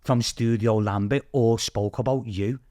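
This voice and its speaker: A British man speaking as a podcast guest, with a voice pitched squarely in the middle of the male range. He tells his story animatedly, swears freely and acts out the other people in it. The recording is dry and close, with no room sound. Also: steady tone, a little slow, mellow, dry recording. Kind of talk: casual storytelling.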